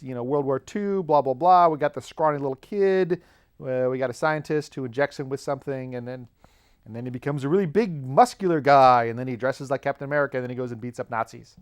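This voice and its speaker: A man telling rambling, jokey stories in a casual monologue, often cutting himself off mid-sentence. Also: on the high side. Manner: rambling, self-interrupting, jokey. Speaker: show host.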